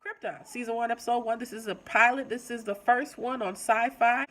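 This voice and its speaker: Bright, chatty woman reviewing a show. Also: on the high side, brisk, poor audio. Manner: animated, chatty, talks straight to viewers. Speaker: channel host reviewing TV episodes. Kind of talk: casual video review.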